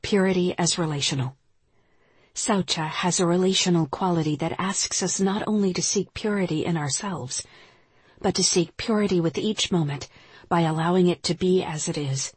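A woman who teaches yoga, reading her spiritual nonfiction aloud in a calm, measured, reflective way. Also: lowish voice, slightly rough, no echo.

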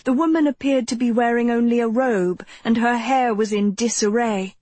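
A woman narrating a story in a measured, expressive reading. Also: a little high, dry recording. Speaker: audiobook narrator. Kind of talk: scripted narration.

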